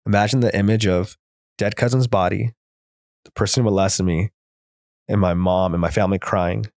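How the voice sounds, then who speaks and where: A man with a fairly low voice shares his own story as an interview guest, earnest and candid. He tells events in quick present-tense bursts. The sound is dry and close. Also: steady tone, a little mellow, no room sound. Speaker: guest, therapist in recovery.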